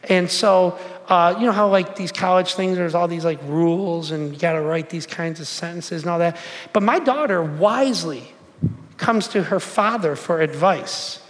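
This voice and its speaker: A high-voiced man in his forties preaches in a loose, chatty way, telling stories and asking the crowd questions. His voice carries a long echo from the hall. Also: moderate pace. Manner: conversational, storytelling, asks the crowd questions. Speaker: pastor. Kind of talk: sermon.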